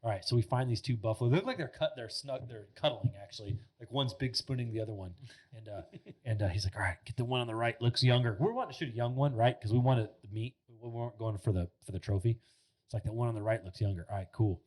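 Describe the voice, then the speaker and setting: A man's voice: medium pitch, fast. A young man, a podcast guest, telling a hunting story in a rambling way, full of fillers and restarts. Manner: rambling, filler-heavy, animated retelling. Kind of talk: casual storytelling. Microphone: studio microphone.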